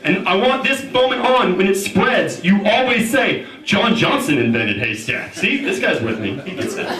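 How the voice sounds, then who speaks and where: A man in his thirties doing loose, rambling stand-up, his high voice leaping up and down as he banters with the room. He is picked up from a distance in a roomy, echoing space. A lively audience is heard all around him. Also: moderate pace. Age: 30s. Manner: loud, joking, rambling with crowd banter. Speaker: host and stand-up comedian. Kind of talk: stand-up comedy at a house party. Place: large room in a house, with a live audience. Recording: roomy, distant mic, loud crowd.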